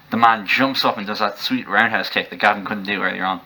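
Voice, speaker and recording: A man narrating a comedic story in a mock-epic deadpan style, laughing through some lines. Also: on the low side, brisk, background noise.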